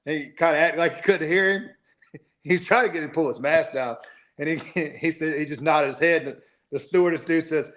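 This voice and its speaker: Laughing man telling stories, slightly high. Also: normal speed. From southern Florida. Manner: laughing, animated storyteller. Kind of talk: casual chat, storytelling.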